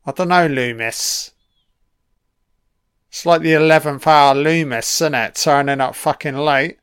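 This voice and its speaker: A man's voice: fairly high pitch, unhurried, a bit bright, clear, resonant tone, no room sound, clean studio sound. Foul-mouthed British man heckling a film. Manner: profane, heckling the screen. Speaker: film commentator. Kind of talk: audio film commentary.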